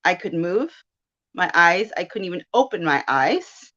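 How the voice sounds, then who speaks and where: A woman's voice: on the low side, unhurried, dull audio. Chatty woman telling a strange story. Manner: chatty and animated, with laughs and self-quotes. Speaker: guest. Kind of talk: casual storytelling chat.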